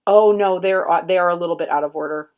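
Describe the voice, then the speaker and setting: A woman unboxing a card deck, murmuring card names in a soft, unhurried way and admiring the artwork. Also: fairly low pitch, highs cut off. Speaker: tarot reader and channel host. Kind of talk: casual unboxing commentary.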